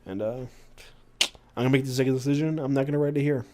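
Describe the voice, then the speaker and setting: A man hosts a podcast at an ordinary middle pitch. He reads long passages from books aloud, then drifts into relaxed asides full of ums and uhs. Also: fast. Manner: reads passages aloud, doing the quoted voices, with fillers and asides. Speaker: podcast host.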